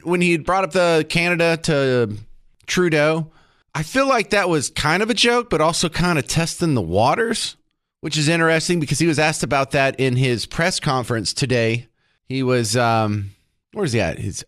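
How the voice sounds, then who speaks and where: A man's voice: fairly high pitch, fairly bright tone, no echo, clean studio sound. A man hosting a talk radio show, joking and rambling with sarcastic asides. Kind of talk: casual opinionated radio talk. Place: radio studio.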